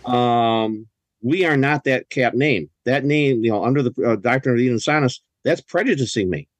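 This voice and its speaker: Speaking at normal speed in a mid-range voice, a man appears as a podcast guest, and there's no room sound in the clip. He lives in a US state and tells casual stories emphatically and indignantly, restarting many times.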